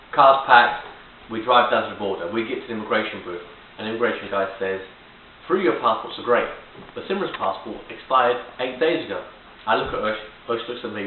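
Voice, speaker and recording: A man in his forties telling a story as a sarcastic, exasperated rant, acting out the people in it. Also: fairly low pitch. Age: 40s. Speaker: family vlogger. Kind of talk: ranting personal story. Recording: echoey, distant, tinny, hissy home video.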